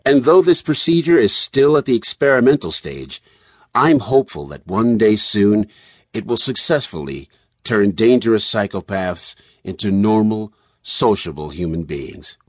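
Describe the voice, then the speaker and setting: A man as a calm, explaining brain surgeon. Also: lowish voice, slightly rough, dry recording, studio quality. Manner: measured, explanatory. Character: calm, confident male brain surgeon and author.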